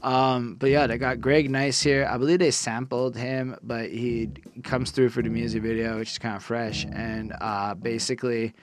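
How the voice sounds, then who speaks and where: A young man from Quebec giving a casual, profane review of a rap album, excitable and self-deprecating. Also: medium pitch, moderate pace, hardly any pauses, crowd noise. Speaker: music reviewer. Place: his room.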